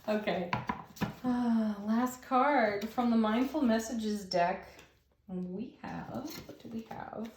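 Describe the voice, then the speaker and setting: A woman giving a daily tarot reading, gentle and enthusiastic, with affirming words for her viewers. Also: fairly high pitch, slow, slight background noise. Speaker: tarot reader. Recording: roomy echo.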